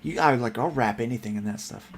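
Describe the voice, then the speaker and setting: A man hosting a casual chat, telling rambling, animated stories full of restarts. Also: mid-range voice, a little fast, a little hiss or hum. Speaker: podcast host.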